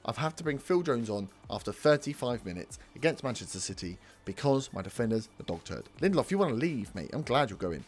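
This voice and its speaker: A young man's mid-range, sing-song voice rattles along briskly with few pauses as he commentates his football management game for a let's play. Faint music plays behind him while he scolds his players and swears in frustration.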